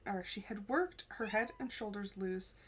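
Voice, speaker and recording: A woman's voice: medium pitch, normal speed, slight background noise. A woman hosting a live book-cast, reading a novel aloud and breaking off for casual comments. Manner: reads steadily, breaks off to chat and laugh.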